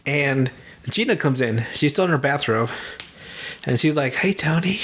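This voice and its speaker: A man's voice: medium pitch, moderate pace. A man hosting a podcast over a remote call, retelling a movie in a casual, profane way and laughing often. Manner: profane, laughing, animated storytelling. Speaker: podcast host.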